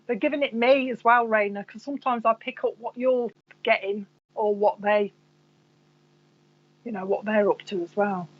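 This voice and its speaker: This Coventry psychic medium hosts a live reading stream in a steady, mid-range voice at a moderate pace. She chats and rambles, half talking to herself, and the audio sounds muffled.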